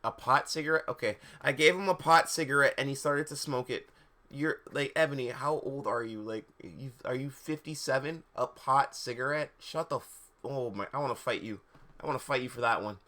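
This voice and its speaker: A man's voice: medium pitch, normal speed, pushed and bright. A man reading fan fiction aloud on a live stream, breaking off for sarcastic, incredulous asides. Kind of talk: mocking dramatic reading with commentary.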